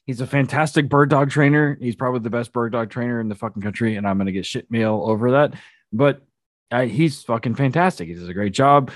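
Profane, animated man telling dog stories. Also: medium pitch, brisk, no echo, studio quality. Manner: profane, animated storyteller who acts out conversations. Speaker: podcast host. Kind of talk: casual chat.

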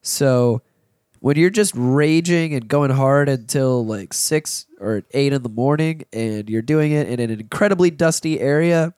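Sniffly podcast guy, smooth voice, swears a lot, dry close mic. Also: medium pitch, measured pace, a little mellow, dry recording. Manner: loose, profane, laughs often. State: sniffly from a cold. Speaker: podcast host. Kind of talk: casual podcast chat.

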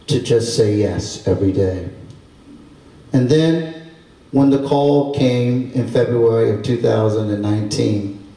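A middle-aged man from Baltimore, a priest, telling a lively testimony to a congregation and acting out the voices of people in his stories. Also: lowish voice. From Baltimore, Maryland. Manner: animated storyteller, acting out voices with laughter. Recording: echoey room, distant mic.

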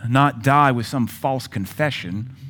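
Forceful male preacher, loud then hushed. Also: medium pitch, a little slow. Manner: forceful preaching with sudden loud rises and quiet drops. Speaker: pastor. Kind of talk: sermon.

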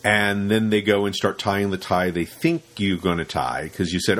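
Low-pitched and a bit bright, a podcast host who teaches rope speaks at normal speed in loose, casual conversation. He keeps restarting and repeating himself while imitating things his students have said.

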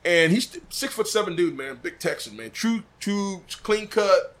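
Animated storyteller, a man with a fairly high voice. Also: a little slow. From Des Moines, Iowa. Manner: animated storyteller, acts out quoted dialogue. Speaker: podcast guest, barbecue pitmaster. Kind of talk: casual storytelling. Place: room above a butcher shop.

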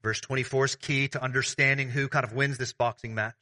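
Bright-voiced male pastor preaching. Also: mid-range voice, a little fast. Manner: conversational, animated, uses everyday analogies. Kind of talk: sermon.

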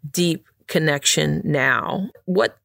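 A woman's voice: low voice, slow pace, vocal fry, a bit bright, dry recording, clean studio sound. A woman hosting a podcast interview, asking affirming questions. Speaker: podcast host. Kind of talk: interview conversation.

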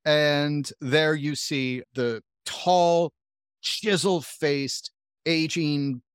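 A man's voice: on the high side, fairly even intonation, extremely slow, smooth, no echo, clean studio sound. A man running a tabletop game as game master, narrating casually and cursing now and then. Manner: casual, swears freely.

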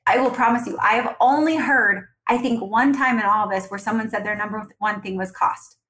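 An upbeat woman with a fairly high voice speaks as a podcast guest, advising dental teams in a brisk, coaching way. She keeps slipping into little acted scenes of what to say to a patient. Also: poor audio. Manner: energetic, acts out dialogues with patients. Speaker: guest, dental practice consultant. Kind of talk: conversational podcast interview.

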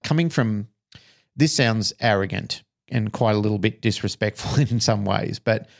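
A man tells a story on a podcast with raw, open emotion and the occasional swear word. His voice sits low and has a rough, gravelly grain. He talks frankly, like a trainer speaking from experience. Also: moderate pace. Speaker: dog trainer and podcast co-host.

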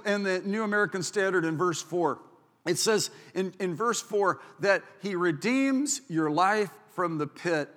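A man's voice: high voice, a bit bright. A male pastor preaching a sermon, emphatic and drawing out key words for weight. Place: church auditorium. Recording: reverberant hall.

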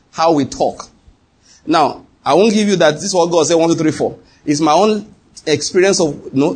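A middle-aged man preaching a sermon as a pastor, asking the congregation rhetorical questions and climbing higher in pitch when he presses a point. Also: slightly rough.

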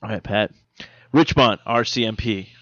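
A man's voice: on the low side, normal speed, fairly bright tone, no echo, highs cut off. A man co-hosting a casual comedy podcast, reading out local news items and riffing with jokes and laughter. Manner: joking, puts on mock voices and laughs often.

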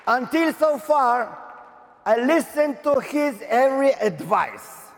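A young man from Slovenia giving a dramatic motivational stage talk, with emphatic outbursts and long pauses. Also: very high-pitched, lively intonation, some chatter behind. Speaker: motivational speaker. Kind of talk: stage speech telling a personal story. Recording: reverberant hall.

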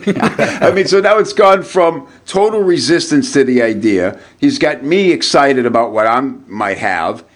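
A man on a podcast as a guest copywriter, telling a story in an animated way, often restarting and repeating words. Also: medium pitch, unhurried. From United States. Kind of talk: conversational storytelling.

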